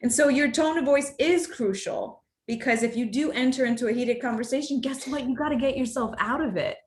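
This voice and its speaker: A woman's voice: high-pitched, a little fast, slight background noise. A woman with children, presenting a workplace workshop on difficult conversations in a conversational way. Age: adult, parent of children. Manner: conversational, demonstrates tones with exaggerated acted examples.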